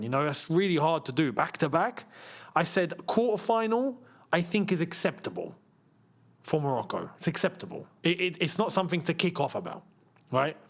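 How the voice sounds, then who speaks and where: A young man hosting a live football watchalong, chatting casually, laughing often and reading viewer comments aloud. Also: fairly high pitch.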